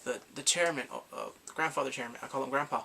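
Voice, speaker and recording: A man casually recapping a drama for his vlog, animated and acting out the characters' reactions with gasps and laughs. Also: mid-range voice, quick pace, gravelly, a little hiss or hum. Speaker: K-drama reviewer.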